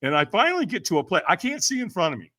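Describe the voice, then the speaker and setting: A man's voice: sits high, rapid-fire. A man telling a story animatedly in casual speech, acting out the voices of others and laughing often. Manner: lively, acts out quoted voices, laughs often. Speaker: podcast guest, firewalk trainer.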